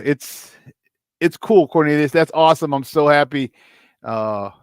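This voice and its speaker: A man with a Chicago accent hosting a morning sports talk show, talking in an energetic, chatty way and repeating himself for emphasis. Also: on the high side, no room sound, clean studio sound. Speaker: sports radio host.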